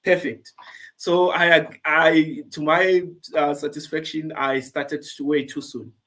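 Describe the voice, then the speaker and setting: A man talks frankly and earnestly on a panel. His voice sits a little higher than most men's, and he speaks in the tone of someone giving sincere advice. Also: little pitch movement, slow, a bit bright. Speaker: panel guest. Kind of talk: candid personal panel talk.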